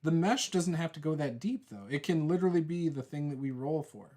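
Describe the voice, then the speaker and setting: A man hosting a casual chat as game master, reading out viewer comments in a relaxed, teasing and rambling way. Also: on the high side, a little fast.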